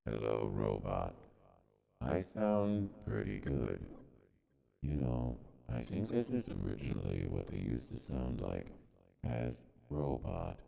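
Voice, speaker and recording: A man using a voice changer to sound like an evil, dark-voiced robot, speaking slowly and playfully. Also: sing-song, vocal fry, big-room sound, exaggerated voice. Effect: deep robot voice changer.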